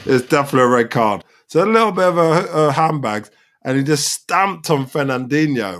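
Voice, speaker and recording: During his live football reaction, a man talks fairly quickly in a mid-range voice over the match. He is excitable, hollering at players on screen and calling them out.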